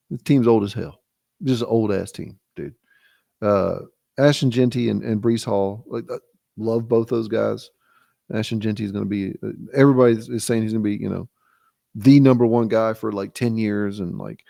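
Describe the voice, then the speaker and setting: A man's voice: on the low side, creaky, warm tone, no room sound, studio quality. A man in his late thirties giving a casual, joking fantasy league recap, teasing his friends and mocking himself. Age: late 30s. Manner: teasing, self-mocking, mock-exasperated rants.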